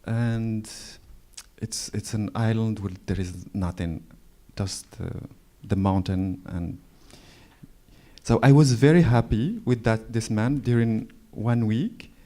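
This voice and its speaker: A man in his forties from Morocco with a Moroccan French accent, speaking in a halting, hesitant way and reading his own prose at a library event. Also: lowish voice, warm tone. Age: 40s. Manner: hesitant, halting, frequent fillers. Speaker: author. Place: public library event hall.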